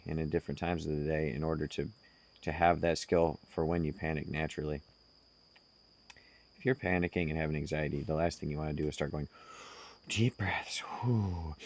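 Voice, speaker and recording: A man speaking slowly and earnestly, giving direct self-help advice to the listener. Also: a bass voice, vocal fry, a little mellow. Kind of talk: casual advice monologue.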